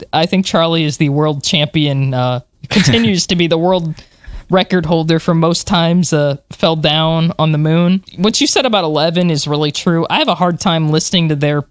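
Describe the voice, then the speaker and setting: A podcast co-host telling stories in an animated way, with plenty of fillers and laughs. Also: mid-range voice, clear, resonant tone, dry recording. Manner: animated storyteller, many fillers, laughs while talking. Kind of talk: casual chat.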